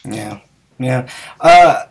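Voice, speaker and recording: A man's voice: mid-range voice, animated, extremely slow, husky. A man hosting a gaming podcast in casual chat, hesitant, with many fillers and restarts. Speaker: podcast host.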